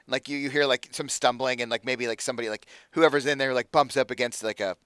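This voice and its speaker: A man's voice: medium pitch, fairly quick, a bit bright, clean tone, no echo. A young man narrating as game master, casual and loose, packing his talk with fillers. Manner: casual, filler-heavy with constant "like".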